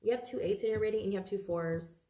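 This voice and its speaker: A woman's voice: mid-range voice, fast, mellow, roomy sound. A tired woman doing a casual tarot reading for viewers, chatty and rambling and swearing freely. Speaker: tarot card reader.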